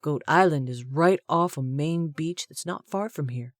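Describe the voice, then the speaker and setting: A woman's voice: low-pitched, a little slow, dry recording, clean studio sound. Woman reading as a cocky young male show-off. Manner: brash, boastful.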